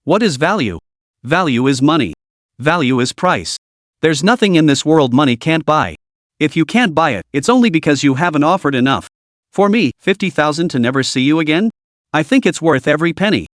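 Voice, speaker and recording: Man playing a blunt sarcastic young vendor, lively pitch, dry close mic. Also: a little fast, no echo, natural voice. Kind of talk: storybook narration.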